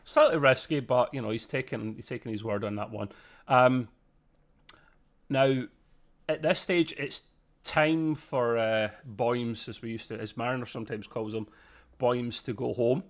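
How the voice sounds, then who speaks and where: Man, podcast host, mid-pitched, excitable episode recap with frequent laughter. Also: unhurried. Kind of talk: casual episode review chat.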